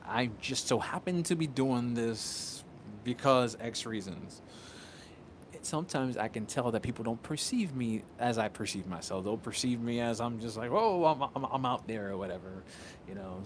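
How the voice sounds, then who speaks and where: A man's voice: medium pitch, moderate pace, a little hiss or hum. Rambling, swearing man chatting on a livestream. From Puerto Rico. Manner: rambling, repeats words and restarts, swears often. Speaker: content creator. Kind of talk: casual livestream chat.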